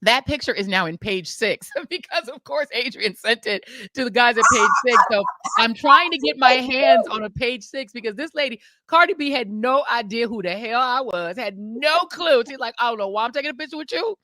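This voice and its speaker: A middle-aged American woman hosting a podcast, telling a story in lively casual chat and acting out the people she quotes. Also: fairly high pitch, moderate pace, hardly any pauses. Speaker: podcast host.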